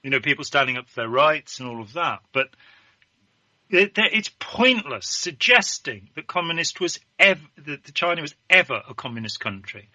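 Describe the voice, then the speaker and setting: A man's voice: a little high, big pitch swings, moderate pace, pushed and bright, no echo. A man talking as a guest in a political discussion, emphatic and opinionated.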